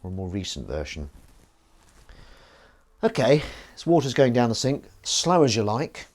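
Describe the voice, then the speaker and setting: A man's voice: medium pitch, big pitch swings, normal speed, a little mellow. A man live-streaming as he washes dishes at his kitchen sink, rambling wryly to his viewers as he goes. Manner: chatty, wry, talks while doing chores. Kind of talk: rambling casual chat to viewers.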